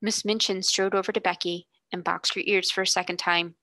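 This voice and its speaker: Woman tutor, storybook reader, bright dry voice. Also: lowish voice, flat delivery, a little fast, dry recording. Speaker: tutor reading aloud. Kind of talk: reading a classic novel aloud.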